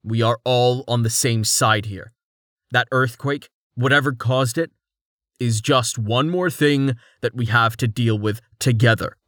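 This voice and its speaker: A man's voice: medium pitch, unhurried, fairly bright tone, dry recording, clean studio sound, natural voice. A man reading aloud, voicing a firm young male leader who speaks to carry. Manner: firm, commanding.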